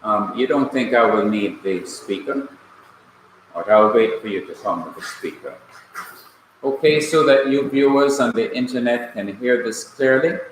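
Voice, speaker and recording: A man from Jamaica teaching a Hebrew grammar class, explaining slowly and deliberately in a classroom. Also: medium pitch. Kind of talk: classroom lecture. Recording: very echoey room, faint hum.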